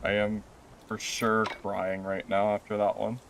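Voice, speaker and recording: A man streaming a game live, chatting with viewers in an animated, exasperated way with sudden exclamations. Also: gravelly, noisy background. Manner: animated and exasperated, quick exclamations with big pitch jumps. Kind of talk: live gameplay stream chat.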